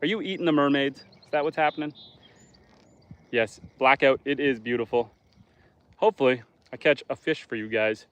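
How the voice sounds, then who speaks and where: A man's voice: medium pitch, moderate pace, long pauses. Chatty Canadian homesteader man outdoors. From northern Canada. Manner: chatty, joking, talks to chat while fishing. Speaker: homesteader and livestreamer. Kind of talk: casual live stream chat. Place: outdoors by a lake.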